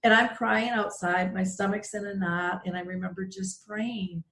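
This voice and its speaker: A woman's voice: mid-range voice, normal speed, hardly any pauses, echoey room. A middle-aged woman hosting a radio show, telling a heartfelt personal story and acting out the voices of the people in it. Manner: earnest, emotional storyteller with lively quoted voices.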